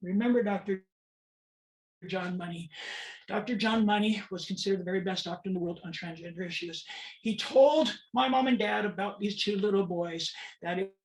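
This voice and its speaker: A woman's voice: mid-range voice, normal speed. Earnest woman telling her story, roomy distant sound. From California. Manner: earnest and dramatic, repeats phrases for emphasis. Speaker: guest speaker and advocate. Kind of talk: personal storytelling talk.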